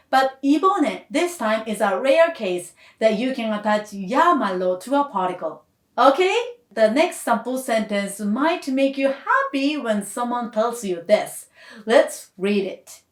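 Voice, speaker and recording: Lively, patient woman language teacher. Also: fairly high pitch. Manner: clear, patient explanation with lively intonation. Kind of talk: scripted grammar lesson. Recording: echoey room.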